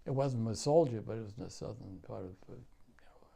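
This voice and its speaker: An older man with a New York accent, a war veteran recounting memories in an interview, halting and repeating himself. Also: lowish voice, vocal fry, warm tone, husky. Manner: halting, repeats phrases, many fillers.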